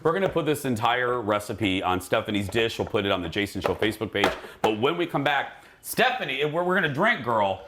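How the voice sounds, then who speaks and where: A man's voice: medium pitch, sing-song, brisk, few pauses, background noise. A man hosting a TV talk show, bantering playfully and teasing his guest. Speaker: TV show host. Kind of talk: casual TV banter.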